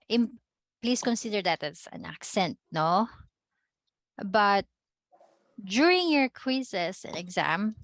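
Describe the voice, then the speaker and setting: A Filipino-accented woman leads an online language class, speaking slowly and patiently and switching between English and Tagalog. She keeps checking in with her students, and her voice sounds dry and close. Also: medium pitch, fairly bright tone, no room sound. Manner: mixes English with Tagalog, asks checking questions. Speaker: Spanish language teacher.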